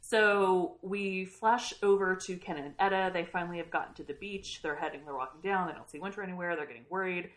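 A woman telling a story in a casual, animated way, swearing often and laughing at the funny parts. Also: fairly low pitch, brisk, hardly any pauses. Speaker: podcast host recapping a book. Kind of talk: casual chat.

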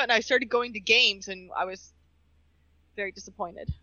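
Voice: medium pitch, steady tone, moderate pace, long pauses, pushed and bright, no echo, lo-fi sound. A podcast co-host in casual chat, blunt and swearing freely.

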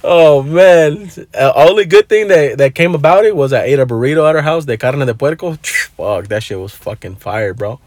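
A male vlogger with a fairly high voice and lively intonation rambles through a story at normal speed, swearing freely and dropping in Spanish words. His tone is laid-back and profane, and though he's recording on his phone, the sound is dry and studio-quality.

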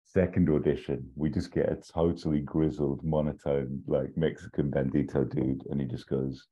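Man, casual rambling storyteller. Very deep and dark-toned, dull lo-fi recording. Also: flat delivery, normal speed, hardly any pauses, breathy edge. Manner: rambling, many fillers and restarts, acts out quotes. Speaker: podcast co-host pitching a story.

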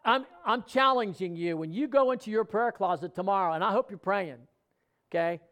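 A middle-aged pastor preaches a sermon conversationally, asking the congregation questions and voicing example prayers. His voice sits high and a bit bright, and he speaks a little fast.

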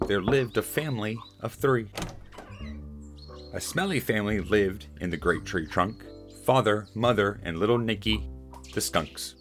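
A man reading a rhyming children's picture book aloud in a gentle way. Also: lowish voice. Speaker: storyteller.

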